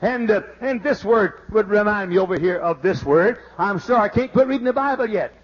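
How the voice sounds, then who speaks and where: A man preaching a fiery sermon as pastor, exclaiming and shouting praise. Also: high-pitched, animated, fairly quick, slightly rough. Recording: dull lo-fi archive sermon tape.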